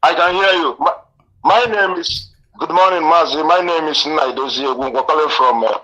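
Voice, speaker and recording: A man's voice: fairly high pitch, normal speed, pushed and bright, lo-fi sound. A male caller on a phone-in who speaks hesitantly and often repeats himself. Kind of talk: phone-in call.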